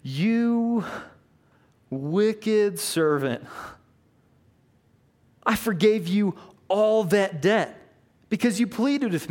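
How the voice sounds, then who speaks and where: A man preaching a sermon, voicing a stern king in a parable with a lower, quieter voice. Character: stern ancient king, male, grown man.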